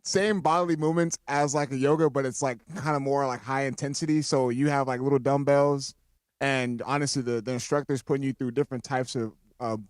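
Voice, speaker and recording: Brief: American man, mid pitch, relaxed and rambling, dry studio sound. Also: a little fast, no echo. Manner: laid-back, loose explanations with fillers. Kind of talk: casual radio chat. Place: radio studio.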